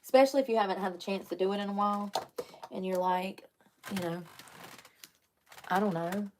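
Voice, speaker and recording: A woman's voice: medium pitch, fairly even intonation, a little fast, background noise. A young woman vlogging to camera in casual chat, chatty and joking, swearing freely.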